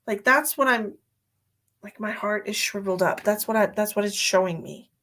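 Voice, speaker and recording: A woman's voice: medium pitch, normal speed, a bit bright. A woman psychic medium giving a live-streamed reading, chatty and sleepy, thinking aloud with many fillers. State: sleepy, yawning.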